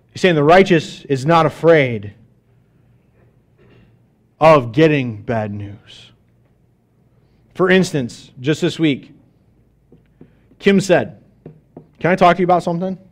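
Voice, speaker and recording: Animated pastor preaching a sermon. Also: male voice, on the high side. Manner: conversational and animated, asking the congregation questions; acts out little scenes in quoted voices. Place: church sanctuary.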